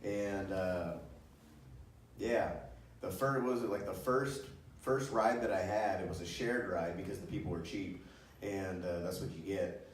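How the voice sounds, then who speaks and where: A man's voice: low voice, fairly even intonation, measured pace, slight background noise. A man telling crude stories as a stand-up comic, laughing often as he talks. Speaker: stand-up comedian. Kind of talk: stand-up storytelling. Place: comedy show room. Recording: roomy echo, distant mic.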